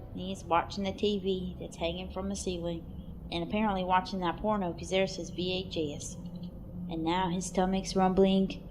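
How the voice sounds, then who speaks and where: A woman giving casual, crude comic play-by-play narration of a cartoon, offhand at times and breaking into excited exclamations. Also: lowish voice.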